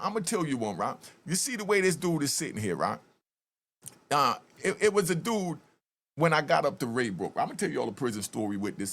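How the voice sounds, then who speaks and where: A man who served time, talking straight to viewers in an animated, casual way as he comments on a video and tells prison stories. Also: mid-range voice, vocal fry.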